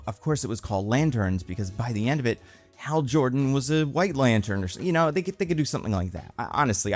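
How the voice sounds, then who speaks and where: Chatty man with faint music behind. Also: mid-range voice. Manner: animated, chatty, lots of "like" fillers. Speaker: movie commentary host. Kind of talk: casual solo commentary.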